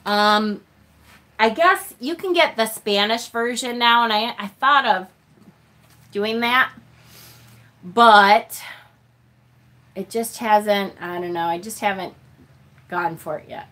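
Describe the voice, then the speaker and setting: A woman's voice: mid-range voice, slow, pauses often, bright, forceful tone. A woman hosting a casual live stream, chatting with viewers as she unboxes a tarot deck, self-deprecating and laughing often.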